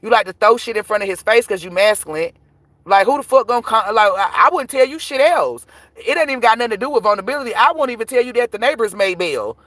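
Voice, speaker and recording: A woman's voice: a little high, expressive, fast talker, fairly bright tone, no room sound. Blunt, profane woman ranting to viewers. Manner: blunt, profane, preachy advice. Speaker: tarot reader streaming to viewers. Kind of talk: live-stream rant to viewers.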